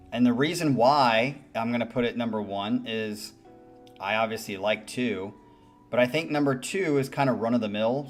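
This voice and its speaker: A man hosting a music reaction channel, giving candid, musing commentary and swearing casually. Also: medium pitch.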